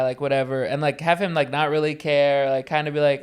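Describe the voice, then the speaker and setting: A man's voice: on the high side, fairly even intonation, fast talker, clean tone. A man hosting a podcast, chatting casually and rambling with lots of "like". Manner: rambling, filler-heavy reactions. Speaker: podcast host. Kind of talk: casual chat.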